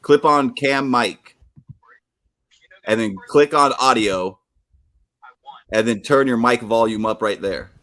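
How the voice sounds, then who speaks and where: A man's voice: medium pitch, takes it slowly, long pauses, bright, forceful tone. A man co-hosting a live stream in casual banter, brash and joking, swearing freely. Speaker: co-host of a wrestling watch-along stream.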